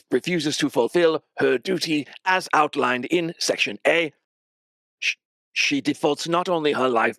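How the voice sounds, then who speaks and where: A man voicing a menacing male dark lord who reads out a soul contract and threatens its bearer. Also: a little high, vocal fry, no echo, pitched above the performer's own voice, exaggerated voice. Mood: pompous. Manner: pompous, then coldly threatening.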